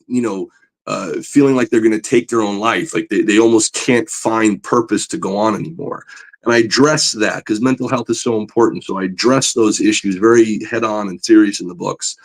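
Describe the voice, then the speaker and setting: A man's voice: lowish voice, moderate pace, poor audio. A man in casual podcast conversation, telling stories animatedly with lots of "you know" fillers. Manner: animated storyteller, voice climbs when excited. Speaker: comic book artist guest.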